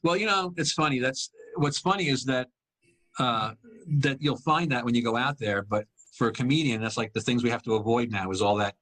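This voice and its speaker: Fast-talking guy in his 60s, comic swapping stories, middle pitch. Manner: quick, animated storyteller. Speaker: guest comedian. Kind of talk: casual chat, telling stories.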